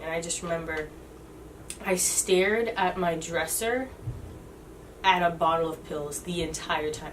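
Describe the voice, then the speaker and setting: Woman, twenties, lower voice, confessional vlog, halting and emotional, a bit distant from the mic. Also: a little hiss or hum. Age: 20s. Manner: halting and emotional, many restarts. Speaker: vlogger. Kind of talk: personal confessional storytelling.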